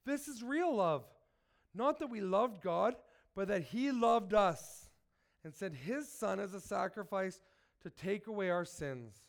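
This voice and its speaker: Here a sick man preaches and reads from the Bible in a voice that sits high, animated yet measured in pace. Earnest throughout, he questions his listeners directly.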